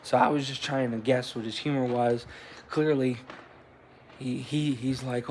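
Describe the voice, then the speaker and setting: Casting twenties guy, mid-pitched, offhand vlog rambler who swears and restarts a lot, faint background noise. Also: steady tone, measured pace. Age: 20s. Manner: loose storytelling with frequent swearing and restarts. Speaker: vlogger. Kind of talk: casual rambling chat. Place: indoors at home, with a cat.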